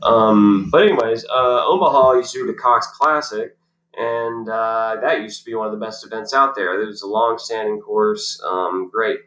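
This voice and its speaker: A professional golfer appears as a podcast guest, speaking at a normal speed in a lowish, fairly bright voice. He tells long, rambling, casual anecdotes packed with fillers and restarts, and the recording has a roomy echo.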